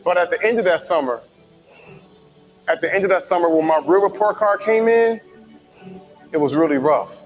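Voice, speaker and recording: A man giving a motivational talk, telling his own life story with lively acted-out quotes. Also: sits high, normal speed, pauses often, soft background music, low-quality recording. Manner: animated, acts out quoted voices. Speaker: motivational speaker.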